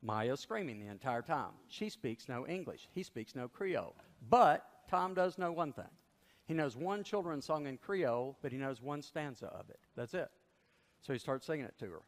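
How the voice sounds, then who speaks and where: A male pastor preaching a sermon and telling a story in an animated way. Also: medium pitch, moderate pace. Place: large church. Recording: long reverb of a large church.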